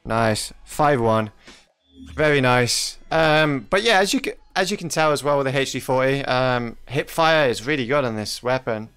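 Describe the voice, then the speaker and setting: A young man with a smooth, mid-range, slightly bright voice talks at a moderate pace over his mobile shooter gameplay. As a mobile gaming YouTuber, he keeps it casual and jokey, chatting and laughing frequently at his teammates and the enemy, with music faintly behind him.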